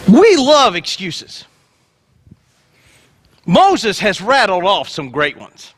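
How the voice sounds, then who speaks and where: A man's voice: high voice, sing-song, slow pace, pauses often, a bit bright. A man preaching a sermon as a pastor, playful and joking as he retells a Bible story.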